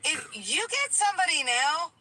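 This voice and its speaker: Woman caller, late 40s, high lively voice, emphatic storyteller. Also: moderate pace, low-quality recording. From Tennessee. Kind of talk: call-in show conversation.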